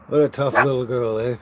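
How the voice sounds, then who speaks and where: Speaking in a mid-range voice, a livestream host rambles casually, stopping and restarting with frequent fillers. It sounds like a small home setting, and steady background noise runs under his speech the whole time.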